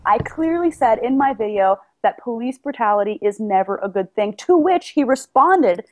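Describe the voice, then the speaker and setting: A woman's voice: on the high side, expressive, moderate pace, darkish tone, dry recording. A woman answering criticism of her video in a defensive, exasperated way, in casual commentary. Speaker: video creator.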